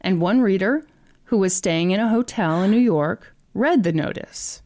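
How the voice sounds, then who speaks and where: A woman's voice: mid-range voice, lively intonation, normal speed, a little mellow. A woman podcast host telling a story in a casual, chatty way, laughing between lines.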